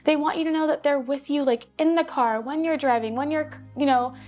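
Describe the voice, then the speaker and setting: A woman's voice: high-pitched, steady tone, fairly quick, mellow, soft background music. A woman working as a psychic medium, relaying messages in an effusive, affectionate way. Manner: effusive and affectionate, calls the sitter babe and my love. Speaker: psychic medium giving a reading. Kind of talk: spiritual reading, relaying messages.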